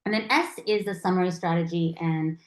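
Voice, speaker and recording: A woman's voice: fairly low pitch, fairly quick, echoey room. A woman teaching a lecture in a conversational way, acting out quoted phrases as she goes. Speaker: palliative care educator.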